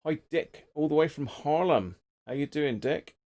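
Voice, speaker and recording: A man's voice: a little high, animated, moderate pace, a little mellow. Chatty man hosting a live stream. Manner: chatty, rambling, greets viewers by name. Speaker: livestream host. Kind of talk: casual live stream chat. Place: home workshop.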